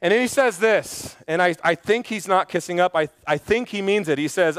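Male pastor, sermon delivery, earnest and chatty, high clear voice. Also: a bit bright, no room sound, clean studio sound. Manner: earnest, conversational preaching with quick asides and repeated phrases. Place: church stage.

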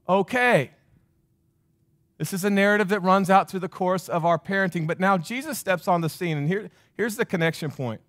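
High-voiced emphatic male pastor, dry sound. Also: a bit bright, no room sound. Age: 40s. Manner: emphatic, repeats phrases, asks the crowd questions. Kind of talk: sermon.

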